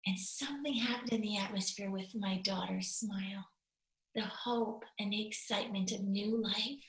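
A woman's voice: mid-range voice, steady tone, normal speed. A middle-aged woman, a talk show guest, telling an emotional personal story candidly and animatedly, her voice breaking into tears at times. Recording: roomy echo.

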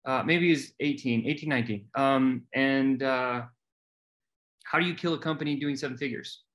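A man of middle pitch speaks as a podcast guest, recounting his story in a candid, earnest way. He often stumbles, restarts and repeats his words as he talks. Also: normal speed, a bit bright.

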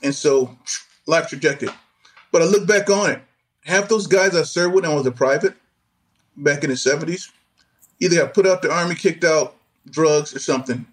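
A man's voice: fairly high pitch, normal speed, pauses often. A man in his sixties, an army veteran, telling a story in casual conversation and acting out the voices of the people in it. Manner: animated, acts out voices in quotes.

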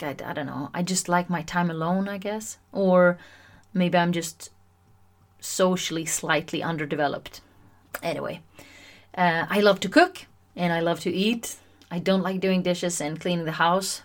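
Chatty, self-mocking woman podcast host. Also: fairly low pitch. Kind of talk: solo self-help podcast monologue.

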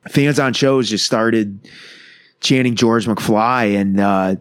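A man's voice: lowish voice, slow, clean tone, dry recording. Man, thirties, rambling profane wrestler anecdote, acts out quotes, dry close sound. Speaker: pro wrestler guest. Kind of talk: casual interview storytelling.

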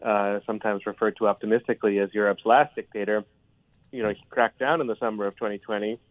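A man's voice: lowish voice, steady tone, quick pace, no room sound. A man, a history professor, giving analysis in a radio interview with a thoughtful, hedging way of talking. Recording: tinny dry phone line.

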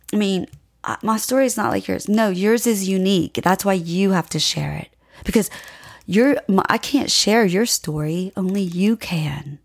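A woman's voice: mid-range voice, darkish tone. A middle-aged woman hosting a solo self-help podcast, talking to listeners earnestly, with many fillers and restarts. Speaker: podcast host.

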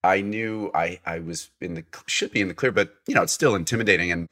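A man telling a long personal story as a guest on a casual interview show. He acts out the voices in the story and often stops to restart his sentences. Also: deep voice. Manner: animated anecdote, acting out quoted voices; halting, with many restarts. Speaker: podcast guest.

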